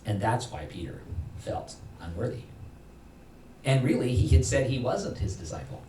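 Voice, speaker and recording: A man preaching a sermon as pastor, emphatic, climbing in pitch and loudness to stress his points and acting out quoted voices. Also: expressive, moderate pace. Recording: echoey hall from far off, faint noise.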